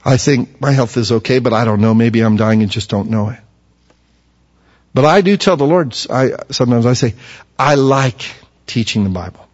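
A man's voice: medium pitch, moderate pace. A man preaching a sermon, reading scripture aloud and building to fervent emphasis. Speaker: pastor. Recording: dull lo-fi recording.

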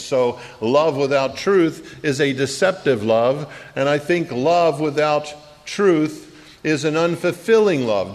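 A pastor preaches earnestly in a church, his ordinary male pitch carrying with a long reverb through the hall. He draws out key phrases and hurries through his asides.

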